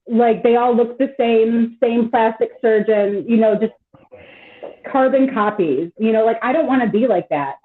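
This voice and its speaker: A woman in her thirties chatting casually on a live stream, rambling and swearing freely with lots of "like". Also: on the high side. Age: 30s. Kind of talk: casual chat. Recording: tinny phone-like call audio.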